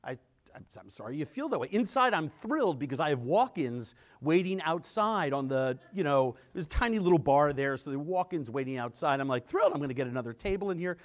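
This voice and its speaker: A man's voice: on the high side, fairly quick. A middle-aged man telling a story on stage at a conference and acting out the quotes. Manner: animated storyteller, acts out quotes. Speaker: conference speaker.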